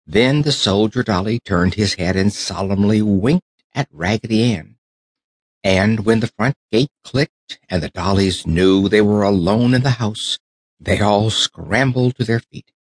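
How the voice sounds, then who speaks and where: Low-voiced man reading a storybook. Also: measured pace, slightly rough, no room sound. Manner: expressive, animated reading. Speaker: audiobook narrator. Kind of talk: children's storybook narration.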